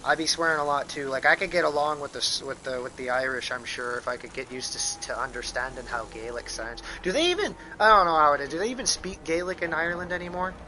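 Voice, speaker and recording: Brief: American streamer, profane rambling chat, sharp forward tone, desk mic. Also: male voice, fairly high pitch, fairly even intonation, quick pace, hardly any pauses, slight background noise, rough recording. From United States. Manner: rambling and profane, with frequent restarts. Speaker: live streamer. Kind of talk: casual gaming stream chat.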